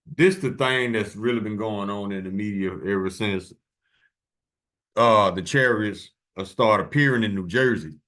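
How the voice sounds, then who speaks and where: A man's voice: on the low side, unhurried, a bit bright. Emphatic man hosting a commentary. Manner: emphatic, colloquial, repeats key words. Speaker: channel host. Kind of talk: preachy commentary over video clips.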